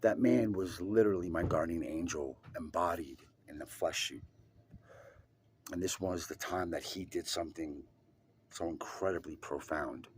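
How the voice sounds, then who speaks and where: A man telling a personal story in an emphatic, profane way, swinging between loud and hushed. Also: deep voice, normal speed, a little hiss or hum.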